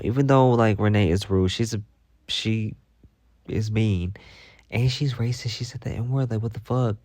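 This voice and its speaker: A man's voice: on the low side, brisk, dark tone, no room sound. A man hosting a casual storytime vlog, gossiping about coworkers in a blunt, profane way and repeating lines for emphasis. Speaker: vlog host.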